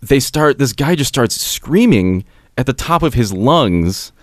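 Brief: lively man, rambling storyteller, dry close sound, stumbles over his words. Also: mid-range voice, a little slow, no echo. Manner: rambling, stammering restarts, laughs through it. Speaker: podcast co-host telling a story. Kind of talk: casual comedic storytelling.

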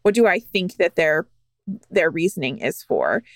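A woman co-hosting a podcast, speaking casually and thoughtfully, with frequent fillers and bursts of quicker speech. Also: deep voice, very animated, no echo. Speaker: podcast co-host.

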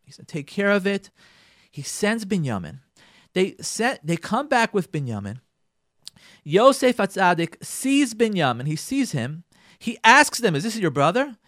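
A man giving a radio Torah talk, retelling a biblical story with dramatic emphasis and calling his listeners "ladies and gentlemen". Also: sits high, big pitch swings, unhurried, no room sound, studio quality. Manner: repeats and restarts phrases for emphasis.

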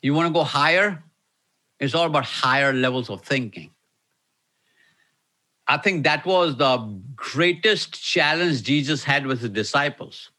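Male pastor, emphatic, bright slightly high voice, repeats for emphasis. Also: a little slow. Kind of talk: sermon with live Q&A.

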